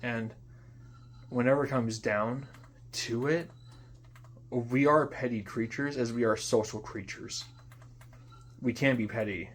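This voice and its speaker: A man's voice: mid-range voice, a little slow, pauses often, a little hiss or hum. Profane young man ranting alone. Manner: frustrated, profane, repeats himself, trails off into quiet mutters. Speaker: vlogger. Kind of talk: unscripted ranting monologue.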